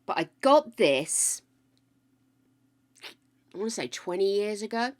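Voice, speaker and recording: A woman's voice: mid-range voice, big pitch swings, takes it slowly. An older woman hosting a live stream, chatting casually with viewers in a gushing, easily overexcited way. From United Kingdom. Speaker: livestream host.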